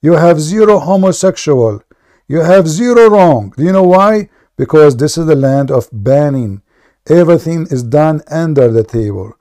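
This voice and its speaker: Man, english, halting then forceful, mellow dark tone, debate host. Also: a little high, animated. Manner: halting, many restarts, then heated and forceful. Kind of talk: live online debate.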